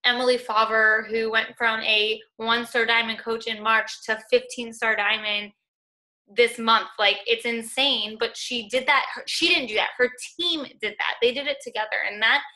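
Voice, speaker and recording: A young woman with a raised, bright, forceful voice gives her team an earnest pep talk over a group call. She is casual and encouraging and keeps dropping in "like" and "y'all". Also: on the high side, steady tone, moderate pace. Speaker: fitness coaching team leader.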